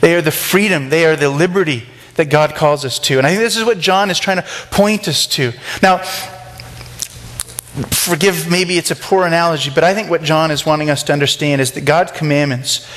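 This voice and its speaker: High-voiced man preaching conversationally. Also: a little fast, a bit bright. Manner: conversational, rhetorical questions, acts out quoted voices. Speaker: pastor. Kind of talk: sermon.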